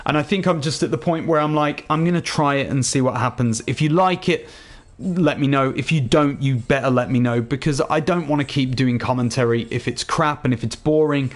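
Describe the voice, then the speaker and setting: An English man talking straight to his viewers in a relaxed, rambling way. His voice sits at an ordinary middle pitch, and he comes across as earnest and chatty as he runs through plans and thanks. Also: brisk. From England. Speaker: gaming YouTuber. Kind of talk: casual outro to viewers.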